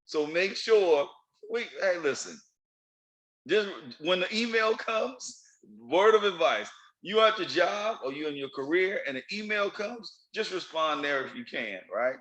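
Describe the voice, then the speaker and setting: A man talks through his solo podcast in a loose, animated way. His voice sits a little high, and he laughs easily between his points. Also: a little slow, rough recording. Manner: animated, laughs often, playful. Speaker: podcast host. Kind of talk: casual solo podcast monologue.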